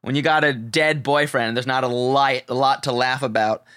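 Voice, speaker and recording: A man hosting a casual podcast chat, playful and quick to react with enthusiasm. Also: mid-range voice, steady tone, fairly bright tone, smooth, no echo, clean studio sound.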